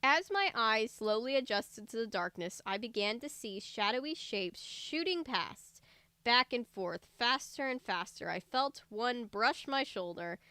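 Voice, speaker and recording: A woman's voice: a little high, animated, unhurried, bright, forceful tone, smooth, no echo. A woman reading a book aloud on a livestream, breaking off for chatty, joking asides. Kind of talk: casual read-aloud livestream.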